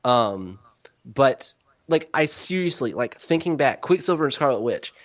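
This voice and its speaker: Excitable man with a lively voice. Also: medium pitch, unhurried, dry recording. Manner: opinionated, excitable. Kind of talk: casual podcast chat.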